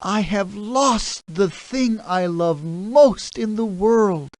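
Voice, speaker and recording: A woman's voice: medium pitch, slow, a little mellow, voice pushed up, close to an everyday voice. A woman narrator voicing an upset, pleading king in a children's storybook game. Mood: distressed. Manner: cries out in distress.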